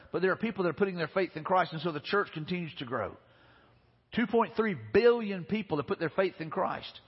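High-voiced preaching man in an echoing hall. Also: breathy edge. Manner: conversational, retelling scripture with frequent restarts. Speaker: pastor. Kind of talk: sermon. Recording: reverberant hall, dull lo-fi sound.

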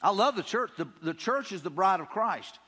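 A man with a Southern drawl preaches in a casual, folksy way, often circling back over the same words. His voice sits high for a man. The sermon is heard in a church sanctuary with a long, ringing reverb. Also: expressive, moderate pace, sharp tone, breathy edge. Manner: conversational, folksy, repeats himself, paraphrases scripture casually. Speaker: pastor.

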